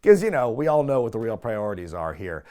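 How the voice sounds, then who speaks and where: A man's voice: fairly low pitch, very animated, fast talker, warm tone. A man hosting a casual recap show, talking animatedly and laughing often as he slips into quoted voices. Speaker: wrestling recap podcast host.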